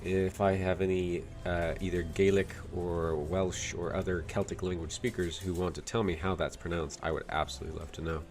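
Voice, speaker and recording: A man's voice: low-pitched, level tone, fairly quick, few pauses, a little mellow. A man commenting on a video game he plays, reading its text aloud in a chatty, self-deprecating way. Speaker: let's play host.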